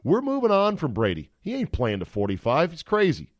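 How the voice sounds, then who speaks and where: A man putting on the voice of a gruff, furious head coach who swears and blusters. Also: deep voice, big pitch swings, a little slow, no echo. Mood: angry. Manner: profane, blustering.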